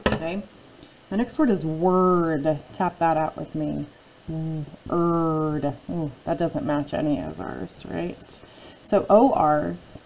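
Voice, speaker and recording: Slow, low-voiced woman teaching phonics. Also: vocal fry, a little mellow, poor audio. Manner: patient, drawn-out word modeling. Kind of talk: phonics lesson for young children.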